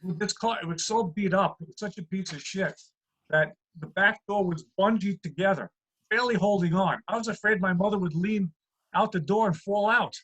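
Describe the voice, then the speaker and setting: A comedian delivers deadpan one-liners in a high voice. He is heard through a computer mic on a video call from home. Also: normal speed, rough recording. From USA. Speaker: stand-up comedian. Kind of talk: stand-up routine.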